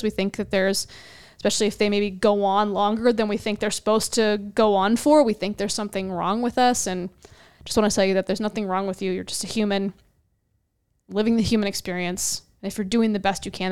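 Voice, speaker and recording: A woman's voice: medium pitch, fairly even intonation, fairly quick, a little mellow, smooth. A woman co-hosting a faith podcast, talking earnestly and reflectively in long flowing runs. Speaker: podcast co-host. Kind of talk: casual faith talk.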